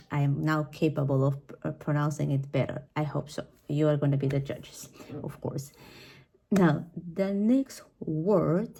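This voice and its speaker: Low, mellow-voiced Spanish-accented woman teacher. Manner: chatty, frequent fillers and tag questions like "right?" and "okay?". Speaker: English teacher. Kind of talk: podcast pronunciation lesson.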